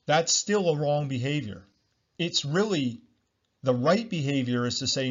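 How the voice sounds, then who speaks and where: A man's voice: mid-range voice, moderate pace, long pauses, lo-fi sound. A man hosting a solo podcast, talking bluntly, repeating himself and swearing freely. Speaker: podcast host.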